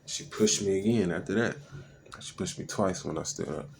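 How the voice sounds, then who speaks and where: Man, casual storyteller, very deep gravelly voice, slangy and halting delivery. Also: darkish tone, a little hiss or hum. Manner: slangy and halting, with many fillers and restarts.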